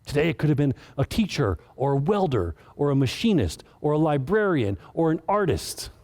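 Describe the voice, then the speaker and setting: Man, sermon storyteller, casual, earnest, frequent restarts, slightly high voice. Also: sing-song, moderate pace, a little mellow. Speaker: director of children's ministry giving the message.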